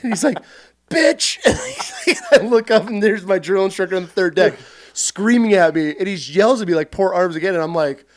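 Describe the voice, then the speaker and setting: A man hosting a casual podcast, telling lively stories and swearing freely as he acts out shouted quotes. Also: high voice, fast talker. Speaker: podcast host. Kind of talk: casual storytelling chat.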